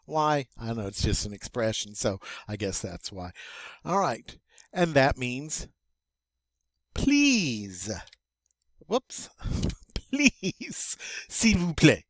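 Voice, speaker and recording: Older guy going over vocab really slowly, patient teacher, dry close mic, bit of wry humor. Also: mid-range voice, sing-song, dry recording. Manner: slow, patient, self-deprecating asides. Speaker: French teacher. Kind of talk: vocabulary review lesson.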